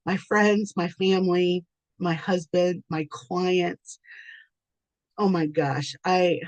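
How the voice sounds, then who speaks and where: A woman business coach giving an unscripted, heartfelt thank-you talk, chatty, full of ums and quick to laugh at herself. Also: fairly low pitch, steady tone, a little mellow, no room sound. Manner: tearful and moved toward the end. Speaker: business coach and podcast host.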